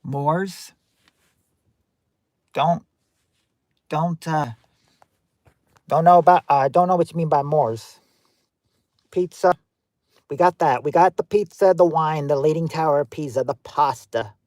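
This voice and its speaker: A man's voice: a little high, slow, long pauses, a little mellow, no room sound. Chatty man hosting a livestream game. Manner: chatty, rattles off guesses and greets viewers by name; offhand, with frequent fillers and restarts. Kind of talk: livestream game show hosting, reading chat guesses.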